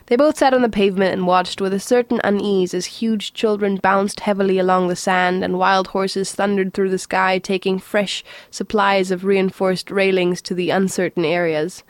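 A woman's voice: medium pitch, fairly even intonation, moderate pace, hardly any pauses, no echo. Woman reading a story, dry and close. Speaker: narrator. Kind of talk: audiobook reading.

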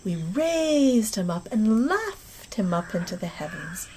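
A woman who works as a medical clown, telling a story in an interview in a gentle voice that often drops to a near-whisper. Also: mid-range voice, sing-song, slow pace, a little hiss or hum. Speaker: medical clown and laughter leader.

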